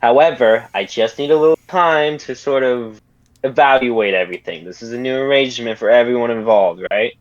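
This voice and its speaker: A man's voice: mid-range voice, brisk, highs cut off, natural voice. A man playing a commanding male gang boss in a tabletop game, stern and threatening, correcting himself as he goes. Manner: stern, rambling, with self-corrections.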